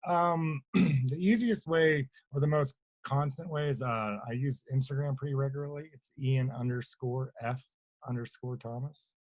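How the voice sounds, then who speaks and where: A man's voice: medium pitch, moderate pace, a little mellow. A man, a guest artist on a webinar video call, answering questions in a rambling, plainspoken way and often correcting himself mid-sentence. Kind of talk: webinar talk.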